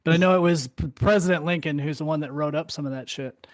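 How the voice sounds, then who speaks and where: Male host, 40s, slightly high voice, loose and profane, dry sound. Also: quick pace, no echo. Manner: relaxed, profane, friendly asides. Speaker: podcast host, fellow veteran. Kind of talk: casual interview chat.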